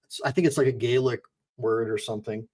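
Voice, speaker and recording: A man's voice: mid-range voice, steady tone, fast, darkish tone. An American man in a mid-range voice hosts a reaction video. He talks in a loose, chatty way, easy and casual. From United States. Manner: loose, chatty, swears and laughs. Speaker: attorney and host.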